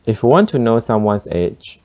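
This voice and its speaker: A man teaching beginner German phrases, explaining slowly and deliberately. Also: mid-range voice, sing-song, a little mellow. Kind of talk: beginner language lesson.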